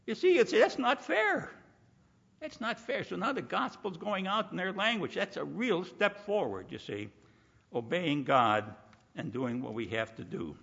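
A man's voice: high voice, sing-song, unhurried, gravelly, fairly bright tone, breathy edge. A man preaching a sermon in an emphatic way, repeating "you see" and acting out the people he quotes, recorded in a muffled hall with long reverb.

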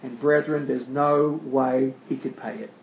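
A man's voice: mid-range voice, little pitch movement, measured pace, reverberant, muffled recording, slight background noise. A man preaching a sermon verse by verse, who asks the congregation rhetorical questions and answers them himself. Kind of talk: sermon explaining a scripture passage.

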